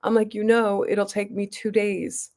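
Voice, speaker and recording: A woman vlogger chats straight to her viewers, her voice carrying a gravelly creak. She rambles through a long story with plenty of restarts, and she stresses her points emphatically. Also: medium pitch, level tone, measured pace, a little mellow. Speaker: beauty vlogger.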